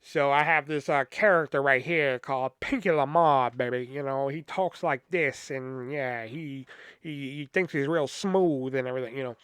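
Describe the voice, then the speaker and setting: A man's voice: mid-range voice, moderate pace, fairly bright tone, smooth, no echo. A man hosting a podcast, casually telling a funny personal story in a profane, rambling way full of asides. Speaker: podcast host.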